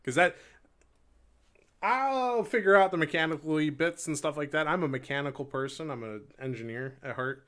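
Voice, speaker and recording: A man's voice: fairly high pitch, normal speed, fairly bright tone. A man live-streaming his instrument practice, chatting casually with viewers, rambling, laughing at himself and counting beats aloud. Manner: rambling, self-deprecating, laughs often; talks while playing, counting beats aloud. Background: faint hurdy-gurdy drone.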